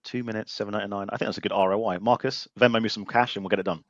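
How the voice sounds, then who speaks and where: A man's voice: on the low side, fairly even intonation, rapid-fire, muffled recording. A man co-hosting a podcast, teasing his guests in casual banter over a video call. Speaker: podcast co-host.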